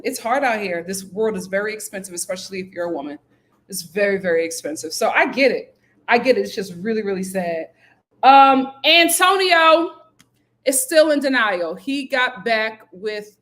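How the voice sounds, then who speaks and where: Woman, reality TV recapper, casual and animated, jumps into high voices to mimic people. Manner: animated and incredulous, acts out quotes in high voices. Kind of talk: casual reality show commentary.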